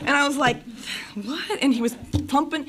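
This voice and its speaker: A middle-aged woman giving her personal testimony at a recovery meeting, telling her story in a lively way and acting out the conversations. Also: sits high, quick pace, very noisy.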